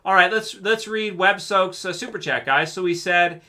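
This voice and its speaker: A man's voice: high-pitched, moderate pace, pushed and bright. A man hosting a casual livestream, chatting loosely with viewers and reading their comments, with plenty of fillers. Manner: laid-back, rambling, many fillers, calls listeners "man". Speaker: livestream host.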